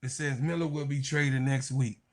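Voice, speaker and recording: A man hosting a casual sports live stream, reading chat aloud, excitable and profane, often breaking into laughter. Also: mid-range voice, normal speed.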